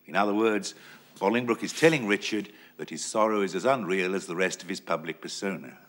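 Man, middle-aged, low voice, acting teacher, precise, persistent explaining. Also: a little fast, a bit bright. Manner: precise, persistent, insists on his point. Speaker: acting teacher leading a masterclass. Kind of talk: explanatory, probing coaching.

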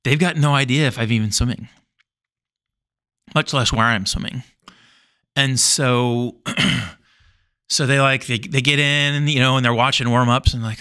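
A man's voice: medium pitch, unhurried, pauses often, clear, resonant tone. Chatty middle-aged man telling a story. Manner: rambling, animated retelling with many fillers. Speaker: podcast guest, former Olympic swimmer. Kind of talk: casual storytelling interview.

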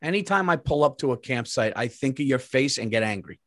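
A man's voice: mid-range voice, lively intonation, brisk, a bit bright, no room sound, studio quality. A man hosting a podcast, telling a comedic story with profanity and acted-out quotes. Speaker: podcast host.

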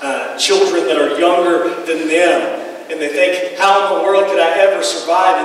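A pastor preaching a sermon, telling stories in a halting, conversational way with many restarts. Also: male voice, on the high side, fairly bright tone. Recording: echoey hall, mic far off.

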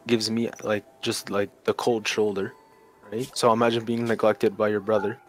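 An aggrieved young man in a heated argument, his voice a touch low as he presses his point again and again. Clear music plays behind him. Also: level tone, moderate pace. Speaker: student. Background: music playing.

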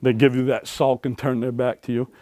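A man's voice: mid-range voice, flat delivery, brisk, dark tone. A man tells search and rescue stories to a crowd in a folksy way, often tagging "right?" onto his sentences. His voice sits in the middle range, and the sound is dry with no room echo. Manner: folksy, keeps checking in with "right?". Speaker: author and search and rescue dog handler. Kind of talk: storytelling talk to an audience. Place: public library talk.

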